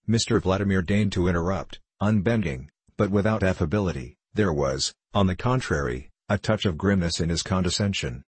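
A man reading a classic novel aloud as a narrator, steady and measured. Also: low-pitched, slightly rough, no echo. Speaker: audiobook narrator.

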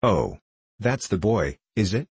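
A man's voice: on the low side, big pitch swings, slow pace, a little mellow, breathy edge, full character voice. A man reading aloud, voicing a deferential, polite male undertaker in a storybook.

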